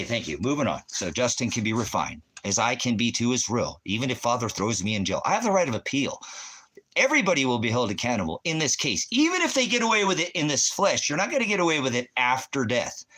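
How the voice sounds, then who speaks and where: Agitated, forceful middle-aged man preaching. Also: mid-range voice, slightly rough. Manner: confrontational, preachy, addresses viewers by name. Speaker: livestreaming ministry host. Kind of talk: angry livestream rant at chat viewers.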